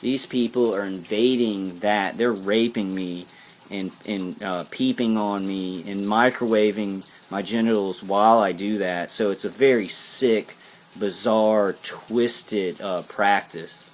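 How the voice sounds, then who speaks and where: A man's voice: lowish voice, steady tone, takes it slowly, a little hiss or hum. A man delivering an earnest spiritual pep talk to camera, rambling and repeating himself. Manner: earnest, intense. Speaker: vlogger.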